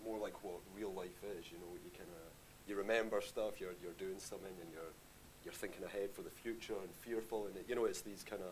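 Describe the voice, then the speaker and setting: Man, low-ish voice, rambling filler-heavy answers, director at a stage Q&A. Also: fairly even intonation, fast talker, hardly any pauses, a little hiss or hum. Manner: rambling, filler-heavy, says aye often. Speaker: film director guest. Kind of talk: live Q&A conversation. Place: live stage event.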